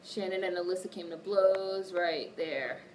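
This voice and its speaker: On a casual livestream, the host, a woman with a lowish voice, talks a little slowly as she reads viewer comments and responds with lots of swearing. The audio comes from a distant mic, with faint background noise.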